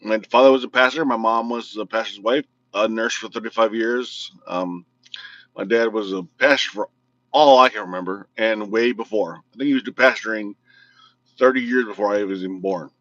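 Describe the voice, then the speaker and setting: A man's voice: on the low side, moderate pace, a bit bright, dry recording. A man hosting his own casual video talk show, his speech slightly slurred and mumbling at times. He rants bluntly and jokes as he goes. The recording is dry, with a dull, lo-fi sound. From United States, Illinois. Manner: blunt, joking, ranting. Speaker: vlog host. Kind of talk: casual political rant to camera.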